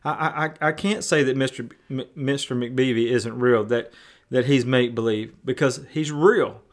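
A man's voice: mid-range voice, normal speed, natural voice. A man voicing a scared, tearful little boy who stammers and pleads. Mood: pleading.

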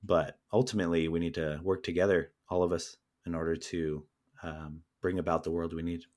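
A man with a fairly low voice answers interview questions. He speaks earnestly, in a measured and reflective way, as a guest talking about his book. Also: little pitch movement, a little mellow. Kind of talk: conversational interview.

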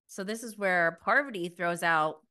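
A woman giving a casual, chatty recap review, emphatic and quick to laugh, with lots of "like". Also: lowish voice, bright, forceful tone.

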